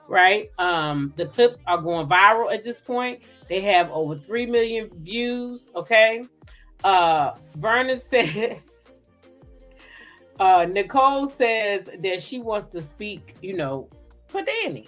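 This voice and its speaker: A woman's voice: fairly low pitch, lively intonation, a little slow, fairly bright tone, faint music behind. A woman hosting a casual livestream recap, chatting loosely, greeting viewers by name and cursing freely. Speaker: host.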